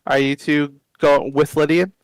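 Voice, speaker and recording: Halting, casual male game master. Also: a little high, level tone, clear, resonant tone, no room sound. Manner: halting, with restarts and fillers. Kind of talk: narrating and voicing a tabletop game.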